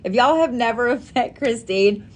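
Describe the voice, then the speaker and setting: A woman hosting a casual live stream, telling stories with lots of swearing and lively asides to her audience. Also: fairly high pitch, unhurried. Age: adult parent. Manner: animated storytelling, frequent swearing. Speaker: live-stream host making custom bracelets.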